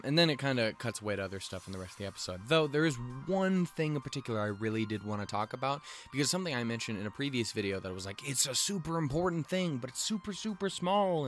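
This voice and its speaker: A man's voice: mid-range voice, a bit bright. A man giving a casual episode recap with rambling, restarting sentences and offhand swearing. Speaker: show reviewer.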